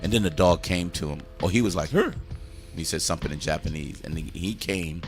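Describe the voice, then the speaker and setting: A man's voice: low-pitched, fairly quick, faint music behind. A man hosting a casual movie review chat, enthusiastically retelling scenes and swearing freely.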